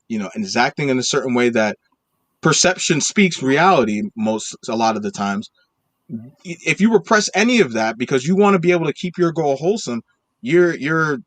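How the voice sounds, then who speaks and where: A man's voice: mid-range voice, a bit bright, dry recording. A man co-hosting a casual podcast, arguing his points emphatically and often checking with "right?". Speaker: podcast co-host.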